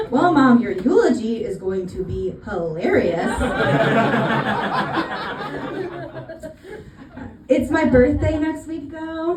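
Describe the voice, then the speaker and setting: A woman's voice: high-pitched, big pitch swings, extremely slow, long pauses, over a noisy crowd, heavy background noise. American woman doing dry stand-up. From California. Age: 30s. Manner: dry, self-deprecating punchlines. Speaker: stand-up comedian. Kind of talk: stand-up comedy set. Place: comedy venue on stage. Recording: echoey room from far off.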